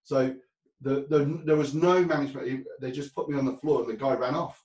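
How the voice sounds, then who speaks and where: A man's voice: mid-range voice, steady tone, fairly quick, darkish tone, echoey room, far from the mic, rough recording. A man telling stories from his career in a casual interview, rambling, laughing often and restarting his sentences. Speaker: interview guest. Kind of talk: casual storytelling.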